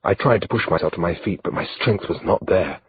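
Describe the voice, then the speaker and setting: A man narrating an audiobook in first person with a measured, steady delivery, in a slightly dull lo-fi recording. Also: deep voice, slightly rough, no echo.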